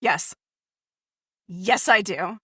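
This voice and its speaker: A woman's voice: medium pitch, drawn-out words, pushed and bright, breathy edge, no echo, studio quality. A woman playing in a tabletop game, talking expressively and laughing often. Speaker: player.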